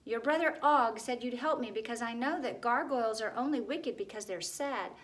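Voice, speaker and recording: A woman's voice: on the high side, moderate pace, voice pushed up, close to an everyday voice. Woman doing a brave young girl, earnest, determined, storybook.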